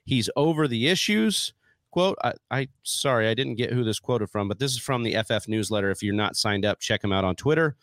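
A man's voice: mid-range voice, animated, fairly quick, a bit bright, no echo. Upbeat man hosting a podcast, dry sound. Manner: upbeat, chatty, hype-building. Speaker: podcast co-host. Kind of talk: casual fantasy football podcast talk.

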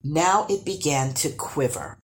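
A woman storyteller reading a children's storybook aloud with expressive, animated narration. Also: deep voice, a little slow.

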